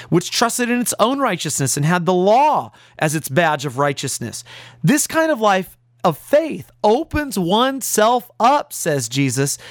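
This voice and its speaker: A man's voice: high-pitched, a bit bright, dry recording, clean studio sound. A male pastor preaching a sermon, emphatic, building his points through repeated rhetorical lists.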